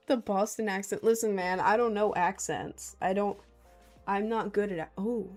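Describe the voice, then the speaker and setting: A woman's voice: mid-range voice, darkish tone. Young woman, streamer, casual chat, giggly, rambling. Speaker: livestreamer.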